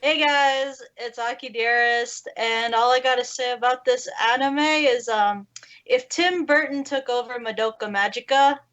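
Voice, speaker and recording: A woman's voice: a little high, unhurried, a bit bright, highs cut off. A woman guest on a podcast, laid-back and playful, chatting and reading a synopsis. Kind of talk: casual chat and read synopsis.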